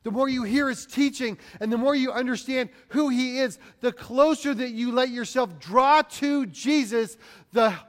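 Speaking at normal speed, a man preaches in a high, light voice, going from hushed reflection to booming scripture readings. Long reverb, like that of a large hall, trails his voice as he acts out the people he quotes.

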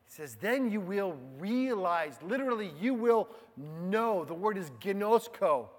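A man preaching a sermon to a group of men in a conversational way, swinging between hushed low asides and loud, emphatic stresses. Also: very animated, unhurried. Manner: conversational, addresses the men in the room. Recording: long hall reverb.

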